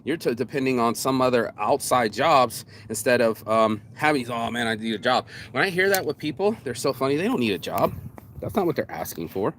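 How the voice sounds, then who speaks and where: A man's voice: mid-range voice, expressive, brisk, fairly bright tone, slight background noise. A man vlogging outdoors in a rambling, profane casual monologue, calling the listener "bro". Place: outdoors in public.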